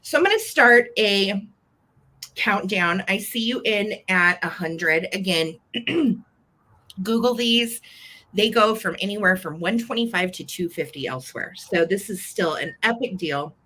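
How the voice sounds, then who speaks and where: A woman's voice: mid-range voice, expressive, a little slow, sharp tone. A woman with an American accent hosting a live online auction, gushing over each piece and counting down bids. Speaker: live-sale host.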